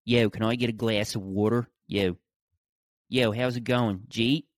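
A man voicing a loud, cheery stereotypical Philly man with a Philadelphia accent, played as an exaggerated, jokey impression. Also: on the low side, fairly even intonation, measured pace, no echo, clean studio sound, lightly acted. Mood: boisterous.

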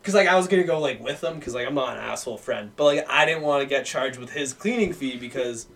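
A man's voice: mid-range voice, fast talker, a bit bright. Rambling young man telling a story. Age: young adult. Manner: rambling, filler-heavy, profane. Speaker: podcast guest. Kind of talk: casual storytelling.

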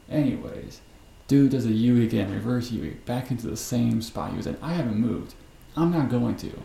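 A man's voice: mid-range voice, lively intonation, normal speed, creaky, dark tone. A man hosting a podcast and telling a story as a profane, rambling, incredulous rant. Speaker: podcast host. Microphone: podcast mic. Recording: echoey room with background noise.

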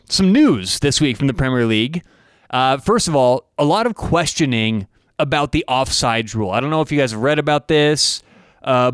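Smooth and medium-pitched, this American sports betting podcast host chats casually and reads an ad, rambling along with restarts and asides. The recording is dry, with a clean studio sound.

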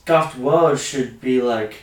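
A man's voice: mid-range voice, slow, distant mic. A young Australian man co-hosting a casual podcast, ranting crudely with lots of swearing. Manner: crude, animated rants full of swearing. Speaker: podcast co-host. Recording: echoey room, off-mic.

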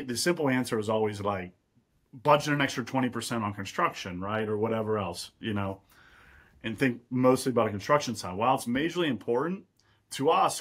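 A man's voice: medium pitch, a bit bright, husky. A man from Pittsburgh, a real estate investor, explaining at length as a guest in a podcast interview and often checking in with "right?". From Pittsburgh, USA.

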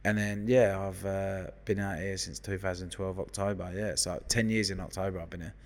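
Brief: London-accented man, thirties, low voice, sweary storyteller, long reverb in the room. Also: little pitch movement, moderate pace, creaky. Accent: London English. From London, England. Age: 30s. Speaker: guest hairdresser. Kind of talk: casual chat.

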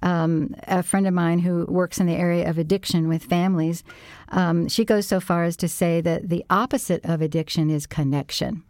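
Mellow, low-voiced woman guest. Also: fairly even intonation, normal speed, dry recording, clean studio sound. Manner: gentle, reflective, encouraging, with frequent "um". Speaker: interview guest, parent support co-founder. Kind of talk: casual conversation.

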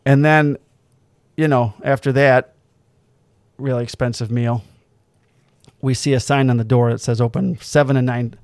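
Podcast co-host, male, mid-pitched, telling stories with acted-out quotes; dry close sound. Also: no room sound. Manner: animated storyteller, swears freely, acts out quotes. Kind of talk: casual storytelling chat.

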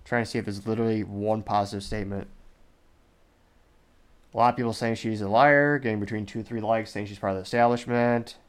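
A man's voice: fairly low pitch, a little fast. A man hosting a podcast, reading viewer comments aloud in casual commentary with wry, incredulous asides. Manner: wry, incredulous, reads quotes in a flat listing way. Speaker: podcast host.

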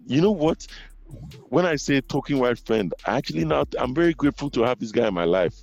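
A man hosting a casual podcast conversation, telling stories in an animated way with many asides. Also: mid-range voice, brisk, gravelly, lo-fi sound. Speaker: podcast host.

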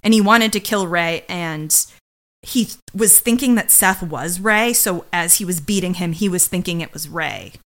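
A woman's voice: fairly low pitch, normal speed, fairly bright tone. A woman co-hosting a podcast, recapping a TV episode in casual chat and giving blunt opinions. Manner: blunt and opinionated, acts out characters' lines. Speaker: podcast co-host.

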